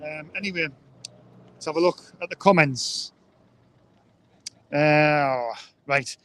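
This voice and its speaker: Brief: man, live host outdoors on a handheld mic, high and chatty, keeps repeating himself. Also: slow, fairly bright tone. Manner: chatty, rambling, repeats words. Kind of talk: casual live chat. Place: outdoors, windy.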